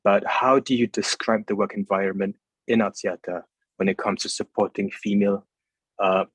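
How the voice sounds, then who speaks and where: Young man, moderator, husky, dry close sound, hesitant, video call panel. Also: on the low side, steady tone, normal speed, no echo, poor audio. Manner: hesitant, many fillers and restarts. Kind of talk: casual panel discussion.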